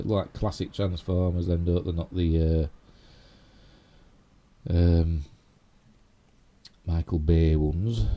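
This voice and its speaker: A man's voice: low-pitched, dark tone. A middle-aged man with a Yorkshire accent, hosting a casual live stream and rambling chattily with self-mocking asides. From Yorkshire, England. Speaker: YouTube host.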